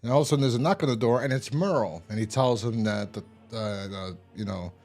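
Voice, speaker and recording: A man's voice: lowish voice, fast, a little mellow, soft background music. A man casually recapping a TV episode, rambling and swearing, with exasperated asides. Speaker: TV episode reviewer.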